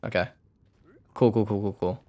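A man's voice: lowish voice, steady tone, moderate pace, a little mellow. A young man streaming a game, muttering a loose running commentary to himself as he plays. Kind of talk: live gameplay commentary.

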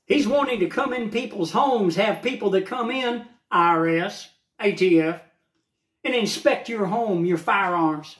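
An older man with a drawl speaks straight to camera in a home vlog, venting about politics. His voice sits fairly high for a man. He talks plainly and heatedly, hammering the same words again and again. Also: normal speed, fairly bright tone, reverberant. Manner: heated, repetitive and plain-spoken. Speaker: vlogger. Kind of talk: casual political rant to camera.

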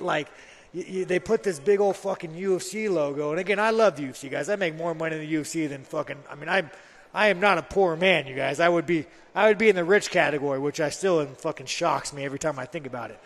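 Higher-voiced guy swearing constantly, blunt and rambling, fighter on a live show. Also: long reverb tail. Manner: blunt, profane, rambling storytelling. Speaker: fighter guest. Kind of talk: casual chat.

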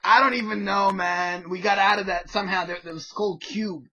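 A man in casual podcast chat, telling a story in a loud, teasing way. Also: high voice, fairly even intonation, normal speed, lo-fi sound. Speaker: podcast co-host.

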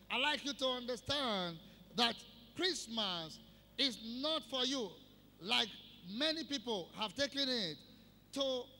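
Slow, high, bright-voiced male preacher. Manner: slow, emphatic preaching with repeated phrases. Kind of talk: sermon. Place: church service hall. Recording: long hall reverb.

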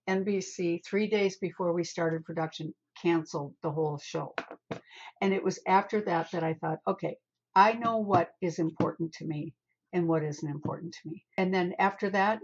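An older woman, a spiritual healer, telling a story in an interview in an animated way and calling the host honey. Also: lowish voice, moderate pace, muffled recording.

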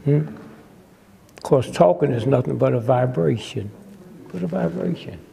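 Older man lecturing, gravelly, hall echo. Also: mid-range voice, lively intonation, moderate pace, dark tone, slight background noise. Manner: sly, teasing, keeps prodding the crowd with "hmm?". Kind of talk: humorous lecture to a live audience. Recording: long hall reverb.

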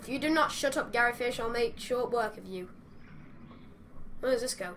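A woman's voice: a little high, moderate pace, noisy background. A woman commenting as she plays a game, chatty and exasperated, talking to the creatures on screen. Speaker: gamer. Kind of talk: playing commentary.

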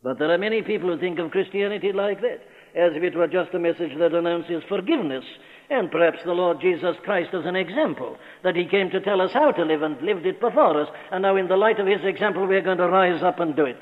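A man's voice: high-pitched, quick pace. A man preaching a sermon, earnest and emphatic, posing rhetorical questions, from an old radio broadcast recorded in a church. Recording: old radio broadcast recording in a large hall, thin and phone-like.

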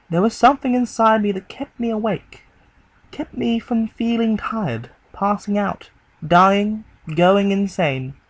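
A man narrating a horror story in a grim, measured storytelling delivery. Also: sits high, no echo, rough recording. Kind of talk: dramatic horror story reading.

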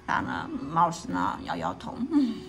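A woman's voice: fairly low pitch, animated, normal speed, creaky. A woman reading a storybook aloud to a child, explaining each page and often asking the child questions. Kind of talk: bilingual read-aloud.

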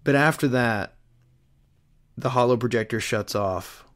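A man's voice: medium pitch, a little slow. A man casually retelling a comic book storyline, rambling with plenty of fillers and restarts. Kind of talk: casual chat.

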